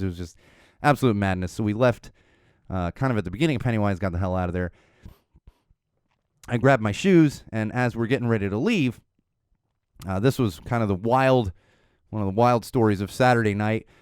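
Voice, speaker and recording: A podcast host from Southern California tells a long story in a casual, rambling way, full of fillers and chuckles. His voice is lowish and darkish with a clean tone. It's recorded in a podcast studio on a studio mic, studio quality with no room sound.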